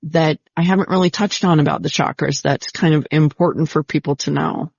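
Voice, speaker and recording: A woman's voice: low voice, steady tone, fairly quick, gravelly, darkish tone, breathy edge, dry recording, highs cut off. A woman hosting a podcast interview, talking in an enthusiastic, casual way and laughing easily. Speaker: podcast host.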